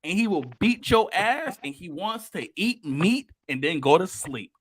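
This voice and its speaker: A man hosting a casual podcast, talking excitably and emphatically with plenty of cursing. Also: sits high, measured pace. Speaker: podcast host.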